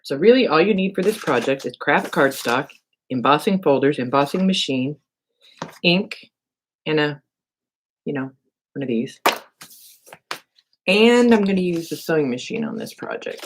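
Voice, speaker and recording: A woman hosting a casual live crafting demo, chatty and self-mocking, thinking aloud while she works and talking to viewers. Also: low voice. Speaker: crafting channel host. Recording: steady background noise with clicks.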